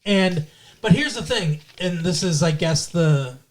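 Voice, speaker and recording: Brief: male podcast co-host, casual recap, lots of fillers and cursing, somewhat high voice. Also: animated, measured pace. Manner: rambling, many fillers and swearing.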